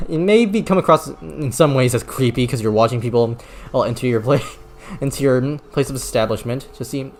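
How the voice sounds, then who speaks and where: A man streaming a video game, talking casually in a rambling way with many restarts and stumbles. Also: mid-range voice. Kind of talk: casual gameplay commentary.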